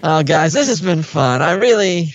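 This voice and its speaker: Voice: medium pitch, animated, normal speed, highs cut off. A comedy podcast cohost improvising with playful, mock-dramatic delivery.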